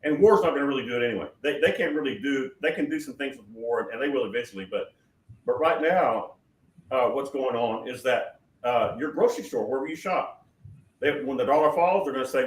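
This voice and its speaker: A man answers questions on his prophetic show, pressing his points with repeated restarts. His voice sits at an ordinary pitch. It sounds echoey and distant, as if he is speaking well away from the mic over a call. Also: a little fast. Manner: rambling, emphatic, many restarts. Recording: roomy sound from far off the mic.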